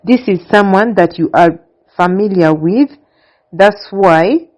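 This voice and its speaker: A woman giving a slow, deliberate language lesson, stating each phrase and then its translation in a steady, patterned way. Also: mid-range voice. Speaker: language teacher. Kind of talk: slow instructional narration. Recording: dull lo-fi recording.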